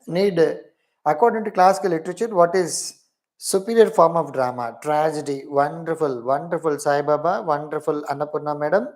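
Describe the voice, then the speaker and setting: A man's voice: a little high, brisk, darkish tone. A man teaching English literature in a live online class, repeating each question and praising every student's answer.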